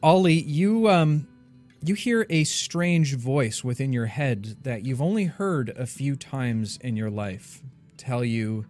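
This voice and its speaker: A man narrating as game master in a tabletop game, relaxed and halting, full of ums and restarts. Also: mid-range voice, faint music behind. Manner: relaxed, halting with many fillers.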